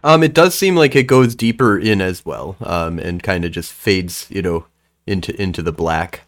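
A man's voice: deep voice, expressive, moderate pace. A man narrating a tabletop game as game master, casual and loose.

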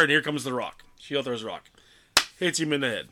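A man co-hosting a podcast, retelling a film scene by scene in a rambling, animated way. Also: medium pitch, fairly quick. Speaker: podcast co-host. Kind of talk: casual chat recapping a film.

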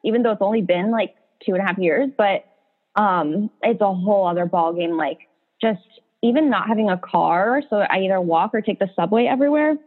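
A young woman hosts a podcast on a tinny, phone-like line, her medium-pitched voice moving fairly quickly. She tells stories in casual chat, leaning heavily on "like" as a filler.

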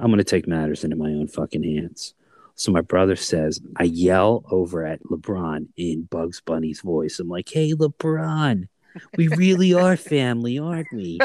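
Man, very low voice, dry close sound, casual chat, rambling storyteller. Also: a little mellow, dry recording. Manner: rambling storyteller with many restarts. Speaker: podcast co-host.

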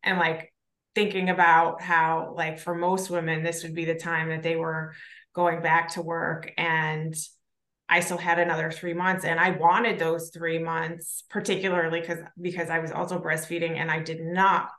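A woman's voice: low-pitched, little pitch movement, moderate pace, a bit bright. A woman co-hosting a podcast, sharing a similar experience in an earnest way. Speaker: podcast co-host. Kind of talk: candid conversation. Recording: echoey room.

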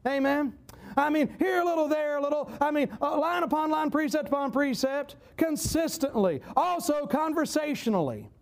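A Southern US preacher with an unusually high voice for a man. He delivers his sermon in a folksy, emphatic way, hammering key phrases again and again and rising into shouts. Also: expressive, normal speed, creaky.

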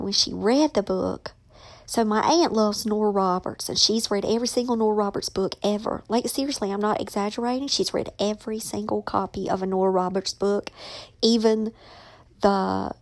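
A middle-aged woman author, talking casually and emotionally, sometimes tearful and dropping to a whisper. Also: mid-range voice. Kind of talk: casual personal vlog.

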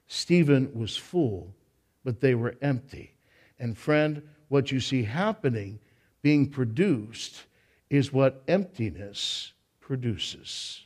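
A man preaching a sermon to a congregation in church, animated, repeating his words and tossing in joking asides. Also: mid-range voice, slow pace. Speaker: pastor.

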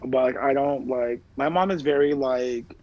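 A man's voice: mid-range voice, moderate pace, a little mellow. A man in casual chat, telling stories in a rambling way, heavy on fillers and swearing. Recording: dull lo-fi sound, dry room.

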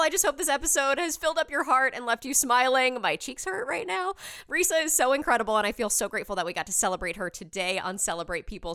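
A woman's voice: medium pitch, bright, forceful tone, smooth. A woman hosting a podcast, talking in an effusive, affectionate, casual way. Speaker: podcast host. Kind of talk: warm casual interview chat. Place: Los Angeles.

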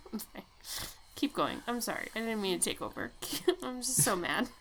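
A woman co-hosting a podcast in casual chat, animated and indignant, quick to joke and rant. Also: mid-range voice, creaky, slight background noise. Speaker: podcast co-host.

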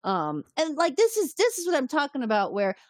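A woman's voice: sits high, huge pitch swings, a little fast, no echo, clean studio sound. A woman co-hosting a podcast, recapping an episode in casual chat, sarcastic and swearing, often laughing.

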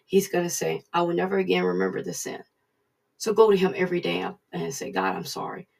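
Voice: medium pitch, level tone, fairly quick, vocal fry, a little mellow, recorded from a distance. A preacher giving a casual devotional talk, conversational and repeating points for emphasis.

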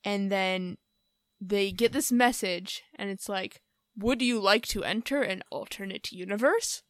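A woman's voice: mid-range voice, unhurried, dry recording, studio quality. A woman co-hosting a podcast in casual chat, playful and given to chanting lyrics and laughing. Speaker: podcast co-host.

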